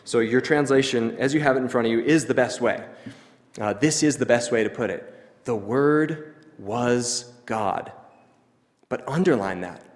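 A man delivers a teaching sermon at a middling pitch, measured and explanatory. He pauses to stress key phrases. A long hall reverb trails each line. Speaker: preacher.

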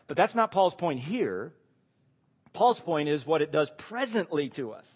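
A man's voice: fairly high pitch, animated, normal speed, slightly rough. A man preaching a sermon, asking the congregation questions and stressing key words. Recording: long hall reverb.

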